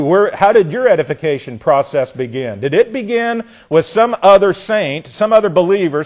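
A man's voice: a little high, darkish tone. Male Bible teacher, repeating and stressing. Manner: repeats words while searching, slows hard to stress key phrases. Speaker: preacher.

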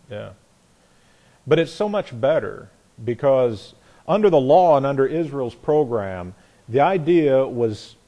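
A man's voice: medium pitch, darkish tone. A middle-aged man teaching an informal Bible class, earnest and conversational, often restarting his sentences.

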